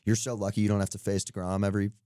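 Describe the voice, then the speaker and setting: A young man with a deep, low voice talks through his weekly betting picks in a loose, joking way. He rambles, circles back, and pokes fun at himself. The sound is dry and close to the mic. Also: flat delivery, racing, warm tone, no echo. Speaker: podcast co-host. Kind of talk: casual sports betting chat.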